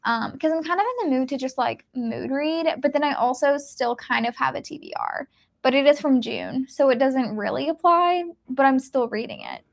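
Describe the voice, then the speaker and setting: A woman's voice: sits high, very animated, moderate pace, gravelly. A woman hosting a casual reading live stream from home, chatting in a rambling way with lots of fillers and little laughs. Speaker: book streamer host.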